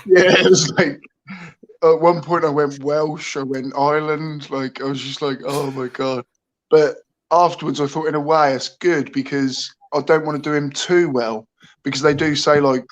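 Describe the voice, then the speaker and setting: A young British man co-hosting a live online chat, talking casually with frequent laughs and trailing asides. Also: mid-range voice. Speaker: livestream co-host.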